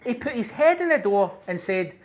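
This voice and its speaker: High-voiced, sweary Glaswegian comedian. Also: male voice, normal speed. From Scotland. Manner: animated, sweary storytelling with acted-out shouts. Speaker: stand-up comedian. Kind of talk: stand-up comedy storytelling. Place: comedy venue with live audience. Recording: live stage mic, audience laughter.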